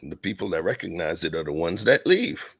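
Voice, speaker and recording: A man's voice: sits low, sing-song, fairly quick, fairly bright tone, breathy edge, dry recording. A man co-hosting a talk show, giving emphatic, slangy commentary in a casual chat. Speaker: podcast co-host.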